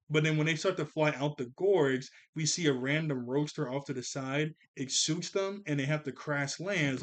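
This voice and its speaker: A man recapping a cartoon episode in a casual, excitable, rambling way, talking fast and correcting himself as he goes. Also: fairly high pitch. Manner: talks fast. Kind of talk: casual spoken review.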